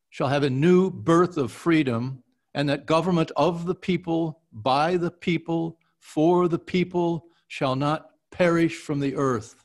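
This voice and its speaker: Slow, deliberate man reciting. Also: a little high. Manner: measured, emphatic on consonants when reciting. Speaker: host reciting a speech under coaching.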